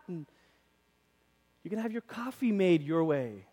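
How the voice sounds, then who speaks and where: A man preaching a conversational sermon as a pastor, lively and acting out quoted voices, in a church. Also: high-pitched, a little slow, long pauses, big-room sound. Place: church sanctuary.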